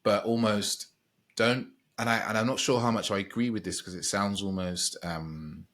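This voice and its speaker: Guy with a really low voice, podcast guest, thinking out loud, kinda meandering. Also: steady tone, moderate pace. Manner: thoughtful, meandering, with frequent restarts. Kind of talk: reflective conversational chat.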